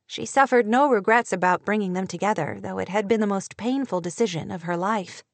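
A woman narrating a romance novel in a steady, even storytelling voice. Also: medium pitch, moderate pace, few pauses, no room sound. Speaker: audiobook narrator.

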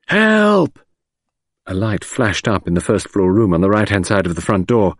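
Husky man narrating an audiobook. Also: low-pitched, steady tone, fairly quick, dry recording, studio quality.

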